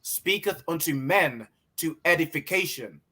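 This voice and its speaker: Bright-voiced man reading Bible verses slowly. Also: on the high side, lively intonation, breathy edge. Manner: slow, measured Bible reading. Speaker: class member reading verses.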